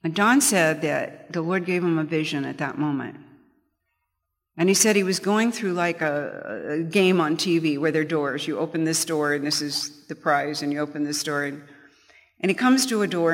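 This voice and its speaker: A woman's voice: sits low, moderate pace, long reverb tail. A middle-aged woman giving a conversational Bible teaching, telling personal stories with chatty restarts. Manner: chatty storytelling, frequent restarts, light laughs.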